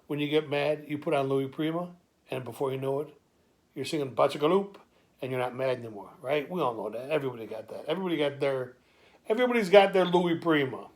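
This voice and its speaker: A man's voice: mid-range voice, quick pace. A man telling an improvised comic story in a streetwise, wisecracking way, sometimes stammering through asides. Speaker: comic monologuist.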